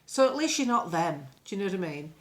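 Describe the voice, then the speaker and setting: An older English woman from England vlogging from home into a phone camera, chatting bluntly and meandering through opinions. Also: fast. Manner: blunt, opinionated, meandering, lively swings in pitch. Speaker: political vlogger. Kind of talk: casual rambling monologue to camera. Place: home, indoors.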